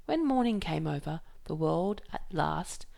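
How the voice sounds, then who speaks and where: A woman reads a novel aloud in a measured, even storytelling way. Her voice sits low, with a gravelly edge, and she takes her time. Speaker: reader.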